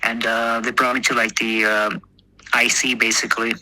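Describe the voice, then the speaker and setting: A man's voice: medium pitch, level tone, normal speed, bright, forceful tone, poor audio. An American man from Texas, a podcast guest telling a story casually, rambling and swearing, laughing at his own jokes and full of fillers. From Texas, United States.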